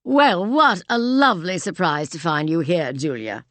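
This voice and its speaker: A man's voice: fairly high pitch, normal speed, sharp tone, no room sound. A woman voicing a rude British film producer man with an East London accent, smug and dismissive, in a storybook reading.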